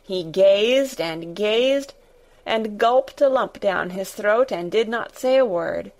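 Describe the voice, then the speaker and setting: A woman narrating a storybook in a deliberate, expressive reading. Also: medium pitch, rough recording. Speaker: audiobook narrator.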